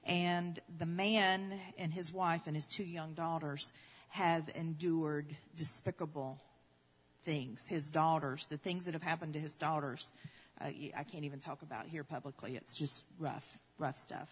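A woman's voice: low-pitched, fairly even intonation, measured pace, slightly rough. A woman preacher telling a story in a sermon, speaking emphatically, repeating key phrases and building intensity. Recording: reverberant hall.

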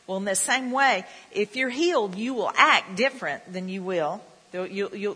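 A woman's voice: mid-range voice, bright, forceful tone, slightly rough. Woman preaching in a reverberant hall. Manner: conversational, repeats herself, asks the audience questions. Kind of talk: sermon.

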